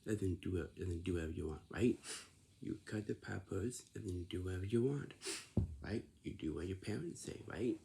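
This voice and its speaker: A man's voice: sits low, normal speed, gravelly, dark tone, slightly rough. A man giving a repetitive, lecturing instructional talk, often checking in with "right?".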